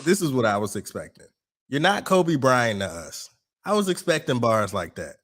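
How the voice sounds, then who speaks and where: A man's voice: mid-range voice, sing-song, normal speed, a bit bright. A man co-hosting a casual podcast chat, blunt, laughing often and swearing freely. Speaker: podcast co-host.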